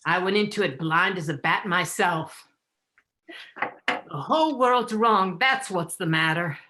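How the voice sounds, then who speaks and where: A woman's voice: lowish voice, a little slow. Woman playing a wistful mother of the bride. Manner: wistful, hushed and heartfelt. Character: tearful middle-aged mother of the bride. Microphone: video call.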